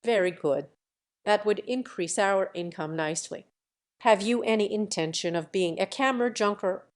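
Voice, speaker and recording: A woman's voice: mid-range voice, normal speed, close to an everyday voice. A woman voicing a proud young woman who speaks in a composed, coolly businesslike way. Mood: mocking.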